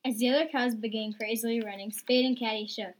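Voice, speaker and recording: A woman's voice: on the high side, fairly even intonation, fast, background noise. Woman reading a homemade story.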